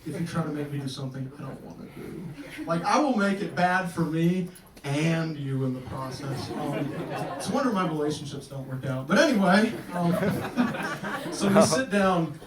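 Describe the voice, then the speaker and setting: A man's voice: on the high side, expressive, normal speed, crowd noise. A man in his twenties performing a crude, self-deprecating stand-up comedy set on stage at a small live music venue. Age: 20s. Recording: roomy live club recording from a distance. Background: loud audience laughter.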